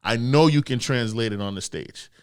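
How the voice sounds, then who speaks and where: A man, a guest comedian, telling a story on a podcast in a loud, animated way full of profane slang. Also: medium pitch, moderate pace, smooth.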